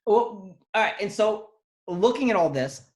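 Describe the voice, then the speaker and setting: A man's voice: sits high, lively intonation, unhurried. Rambling, swearing man on a podcast. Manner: rambling, swears freely, trails into restarts. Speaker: podcast co-host. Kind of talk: casual comedic chat.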